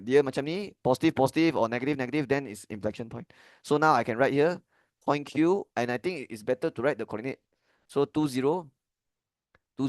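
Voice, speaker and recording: A man's voice: medium pitch, no room sound. A man with a Malaysian English accent, a maths tutor working through an exam paper in a casual way, often checking "okay?" and slipping into Malay phrases. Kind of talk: exam-paper walkthrough lesson.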